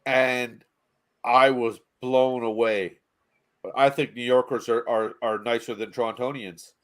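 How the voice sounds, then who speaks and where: Animated storytelling man. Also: mid-range voice, unhurried. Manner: animated storyteller, swears freely. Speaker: podcast co-host. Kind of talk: casual chat.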